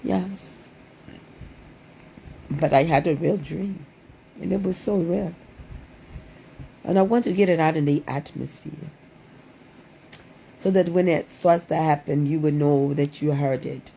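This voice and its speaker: A woman's voice: sits low, fairly even intonation, measured pace, gravelly, pauses often, dark tone, a little hiss or hum. A woman hosting a playful livestream, exclaiming dramatically and repeating her phrases in a sing-song way. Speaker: livestream host doing card readings.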